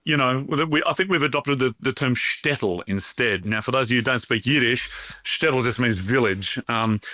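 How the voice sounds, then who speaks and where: A middle-aged Australian bakery owner appears as a guest in a conversational interview, speaking in a mid-range voice with a sharp tone and no echo. He's a chatty storyteller who often restarts sentences and laughs a lot.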